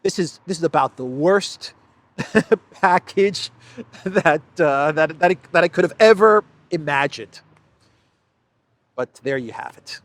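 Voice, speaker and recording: A man's voice: a little high, animated, takes it slowly, dry recording. A man hosting a solo news commentary, talking in an emphatic, sarcastic way with frequent restarts. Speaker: political commentary host.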